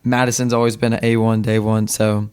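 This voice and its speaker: A man's voice: lowish voice, flat delivery, brisk, a little mellow, clear, resonant tone. A man who works as a personal trainer, a podcast guest explaining his views earnestly and using a lot of "like". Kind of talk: casual interview chat.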